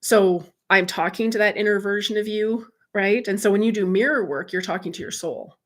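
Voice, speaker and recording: A woman's voice: medium pitch, moderate pace, a bit bright. A middle-aged woman hosts a casual livestream as a medium and life coach. She talks in a chatty, candid way, tells personal stories and reads viewer comments aloud into a computer mic.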